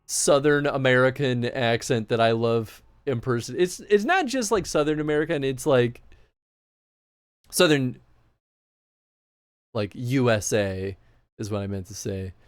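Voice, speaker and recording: A man's voice: medium pitch, expressive, takes it slowly, long pauses, clean tone, dry recording, studio quality. Chatty Chicago-accented man. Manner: rambling, chatty, laughs often. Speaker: streamer. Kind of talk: casual live-stream chat.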